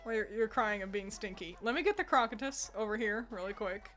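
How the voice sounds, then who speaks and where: A woman's voice: medium pitch, a little fast, a bit bright, faint music behind. A young woman streaming at home who chats playfully with her cat while gaming, cursing freely into a desk microphone. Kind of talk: casual gaming commentary.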